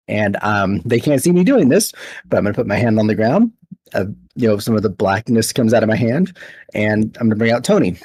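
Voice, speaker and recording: A man playing a tabletop role-playing game, chatty and laughing often, lifting his pitch when he speaks in character. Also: animated, fairly quick, a little mellow, husky, no echo. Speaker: player.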